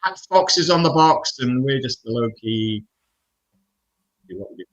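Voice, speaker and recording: A man's voice: mid-range voice, expressive, normal speed, muffled recording. A man from another fan channel, chatting in a laid-back way and laughing between his phrases. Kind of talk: casual chat.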